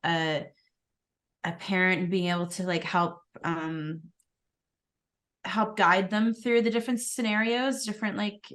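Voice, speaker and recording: A woman's voice: on the low side, fairly even intonation, unhurried, pauses often, a bit bright. A woman co-hosting a podcast, chatting loosely with lots of fillers and trailing thoughts. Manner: loose and rambling, full of fillers like "you know" and "like". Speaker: podcast co-host. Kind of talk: casual chat.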